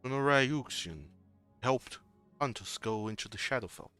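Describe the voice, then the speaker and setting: A game master voicing a tired older noble lord who speaks in a measured, clipped and skeptical way. He is a stern father figure in a tabletop game. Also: medium pitch, lively intonation, sharp tone, smooth, faint music behind. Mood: weary. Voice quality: tired, weary.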